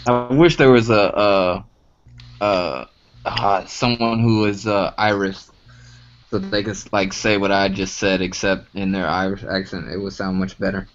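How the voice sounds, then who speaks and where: A man talking casually in a group voice chat, halting and rambling with many fillers. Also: low voice, fairly even intonation, slight background noise. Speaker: voice chat participant. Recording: dull lo-fi online voice chat.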